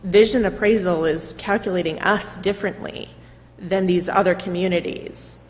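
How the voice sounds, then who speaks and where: A woman's voice: on the low side, steady tone, normal speed, big-room sound, low-quality recording. A woman resident making a pointed, argumentative case during public comment in a council chamber. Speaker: resident speaking at a council meeting.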